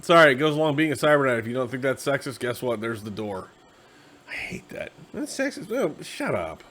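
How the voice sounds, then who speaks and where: A tired man hosting a casual, rambling explanation of a tabletop game class, slipping into quick acted asides. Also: mid-range voice, fairly bright tone. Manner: conversational, acts out quick quoted asides. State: tired, yawning.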